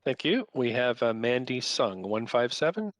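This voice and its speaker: A man chairing a council meeting, calling speakers politely and briskly, with frequent fillers. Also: mid-range voice, big pitch swings, no room sound.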